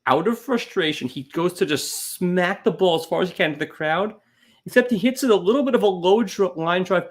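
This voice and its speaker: A man co-hosting a casual comedy podcast, telling stories with loud, exasperated bursts. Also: high voice, brisk. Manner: animated storytelling, swings into loud exasperated bursts. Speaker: podcast co-host.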